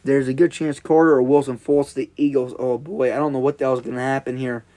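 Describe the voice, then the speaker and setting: A man giving live reaction commentary, excitable and emotional, often repeating himself as he talks to viewers. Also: mid-range voice, quick pace.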